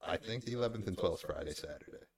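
A man's voice: sits low, expressive, fast talker, vocal fry. A man hosting a podcast in casual chat, laid-back and ending sentences with "man". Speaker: podcast host.

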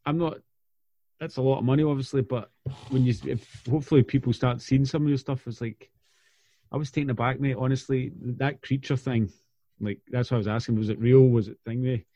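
A Scottish man hosting a casual podcast chat, talking enthusiastically in relaxed mates' slang. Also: medium pitch, brisk, dry recording. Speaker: product photographer. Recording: dull, dry lo-fi recording.

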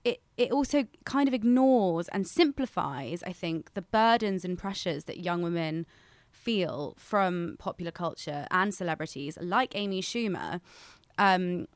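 A woman's voice: lowish voice, animated, a little slow, hardly any pauses, no echo. Chatty opinionated woman, dry sound. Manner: opinionated, chatty, many fillers and restarts. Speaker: podcast co-host. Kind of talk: casual chat, film review.

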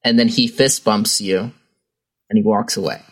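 A man playing a tabletop role-playing game, describing his character's actions in a relaxed, hesitant way. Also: on the low side, unhurried, slightly rough, low-quality recording. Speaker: player. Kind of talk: casual tabletop game play.

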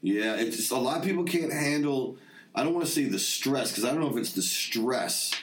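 A man's voice: medium pitch, expressive, fairly quick, far from the mic. Profane, laid-back man in his forties. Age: 40s. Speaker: podcast host. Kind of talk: casual storytelling chat. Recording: roomy, off-mic sound.

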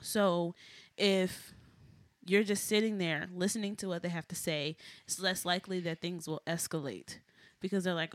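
A woman's voice: on the low side, fairly even intonation, normal speed, dry recording. Teasing young woman giving relationship advice. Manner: laughs often, teasing, explains things plainly. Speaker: podcast co-host. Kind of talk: casual relationship advice chat.

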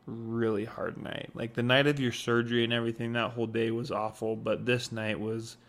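A young man co-hosting a podcast, talking in an earnest, reflective way, pausing and filling with "like.". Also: medium pitch, level tone. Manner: earnest, reflective, halting with many "like" fillers. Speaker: podcast co-host. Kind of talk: casual conversation.

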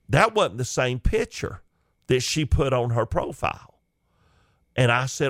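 Male comic storyteller, folksy and animated, dry close mic. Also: a little high, measured pace, dry recording. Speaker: comedian.

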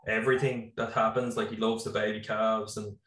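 A man's voice: lowish voice, brisk. An Irish man in his thirties, a farmer and business founder, talking casually on a video call with lots of fillers. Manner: relaxed, rambling, many fillers. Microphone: computer mic on video call. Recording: echoey room, slightly distant mic.

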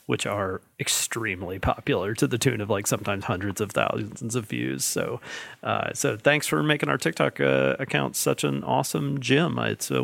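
Man, host, gravelly, halting, casual panel talk, no regional accent. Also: mid-range voice, a bit bright, dry recording. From Alabama. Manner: hesitant, many fillers. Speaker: podcast host.

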